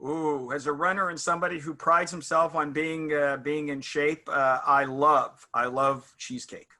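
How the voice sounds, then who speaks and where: A middle-aged man speaks as an interview guest, with a very bright, forceful tone. He is a little higher than most men and wanders through his anecdotes reflectively, stopping and restarting as he goes. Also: fairly even intonation. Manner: reflective, halting anecdotal storyteller. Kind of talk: casual interview chat.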